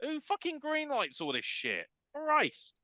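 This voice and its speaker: A man's voice: very high voice, wildly swooping pitch, slow, pushed and bright, no room sound. A British man hosting a podcast, ranting in a crude, mocking way with constant swearing and bursts of laughter. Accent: British English. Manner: profane, mocking, breaks into laughter. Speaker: podcast host. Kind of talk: crude comedic rant.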